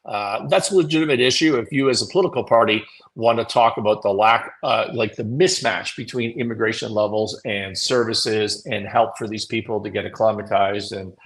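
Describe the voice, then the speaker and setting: Blunt, animated host. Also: male voice, on the low side, fairly quick, rough recording. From Canada. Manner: animated, blunt, swears, laughs at himself. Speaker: live morning show host. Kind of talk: opinionated live commentary.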